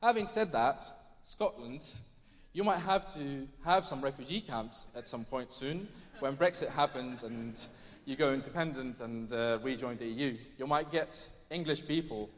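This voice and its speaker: A man's voice: mid-range voice, normal speed. A man performing a stand-up comedy set on a theatre stage, with wry, mock-posh impressions of British people. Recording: live theatre with long reverb. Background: faint audience ambience.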